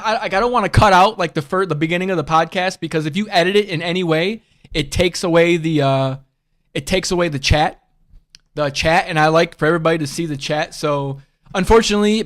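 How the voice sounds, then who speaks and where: A man's voice: high-pitched, a bit bright. A man hosting a casual livestream podcast, rambling bluntly and profanely and calling listeners bud and bro. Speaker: podcast host.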